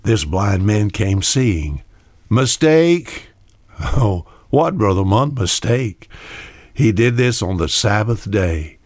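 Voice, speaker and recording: A man with a low voice preaches a sermon in a folksy, storytelling way. He acts out the people in his Bible stories, slipping into their voices. The sound is close and dry, with no room echo. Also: animated, takes it slowly, few pauses.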